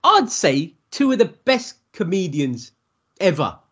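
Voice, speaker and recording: Husky, high-voiced male co-host, emphatic, lo-fi podcast sound. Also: big pitch swings, unhurried, a bit bright. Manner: emphatic, repeats himself. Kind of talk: casual chat.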